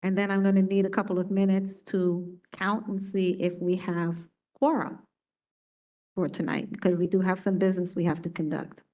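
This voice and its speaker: A woman with a New York accent chairing a public board meeting, reading out a roll call slowly and deliberately. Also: lowish voice, level tone, mellow, highs cut off. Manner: slow, deliberate name-reading.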